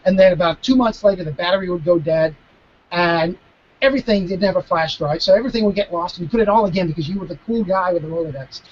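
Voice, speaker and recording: A man, a mentalist guest, chatting casually over a video call, animated and stopping to restart his sentences. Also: high-pitched, quick pace, highs cut off. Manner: animated, acting out dialogue, frequent restarts. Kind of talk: casual storytelling Q&A.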